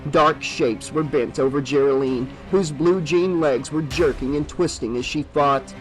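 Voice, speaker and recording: Male audiobook narrator, fairly high voice. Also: soft background music, poor audio. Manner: steady, measured reading.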